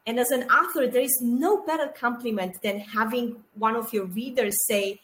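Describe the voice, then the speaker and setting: A woman co-hosting an interview, responding to her guest in an affirming, measured way. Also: on the high side, fairly bright tone, echoey room, rough recording. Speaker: podcast co-host. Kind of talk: interview chat.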